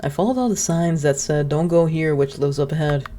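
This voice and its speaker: A woman's voice: low voice, fairly quick, dark tone, a little hiss or hum, natural voice. A woman voicing a shy, polite little scarecrow boy from a video game, sounding eager and earnest. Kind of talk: reading game dialogue aloud.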